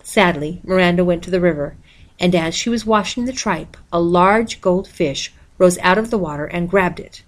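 A woman reading a picture book aloud in a steady, expressive storytelling voice. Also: on the low side, moderate pace. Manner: steady, expressive, reads page numbers aloud. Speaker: storybook reader.

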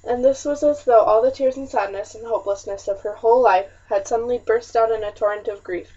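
A woman's voice: fairly high pitch, steady tone, fairly quick, dark tone. Woman reading a historical novel aloud. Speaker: audiobook narrator. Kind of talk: scripted first-person narration of a historical novel. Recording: muffled, slightly distant recording.

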